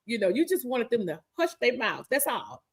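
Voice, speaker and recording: A woman's voice: fairly high pitch, very animated, moderate pace, slightly rough. A woman co-hosting a casual talk stream, laughing often, repeating herself, and reading viewer comments aloud. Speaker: podcast co-host reading live chat. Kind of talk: casual chat.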